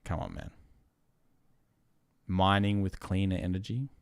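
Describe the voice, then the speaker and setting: Male stream host, low smooth voice, loose and chatty with sudden heated tangents on market commentary. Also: a little slow. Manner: casual, chatty, drifts into fired-up rants. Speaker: trading livestream host. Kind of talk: live market chart commentary.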